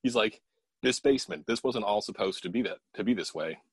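A man casually telling a ghost story from an investigation, animated and swearing, quoting the people in it in his own voice. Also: on the low side, a little fast, breathy edge, no room sound.

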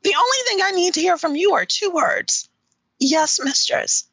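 A high, bright woman's voice that swoops up and down as she talks. She is blunt, emphatic and freely profane, an outspoken dominatrix making her case in an interview. The sound is close and dry, with no room in it. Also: expressive, fairly quick, creaky, dry recording, highs cut off. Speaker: dominatrix guest. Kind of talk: candid interview talk.

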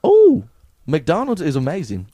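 A man's voice: on the high side, huge pitch swings, a little slow, warm tone, no room sound, clean studio sound. A young man co-hosting a comedy podcast, swearing and riffing in loose, crude banter. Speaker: podcast co-host.

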